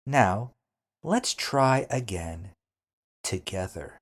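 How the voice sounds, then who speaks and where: Very slow, husky male English teacher. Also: fairly low pitch, big pitch swings, a little mellow. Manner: slow, deliberate, repeats phrases clearly for learners. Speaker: English teacher, podcast host. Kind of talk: scripted beginner English lesson.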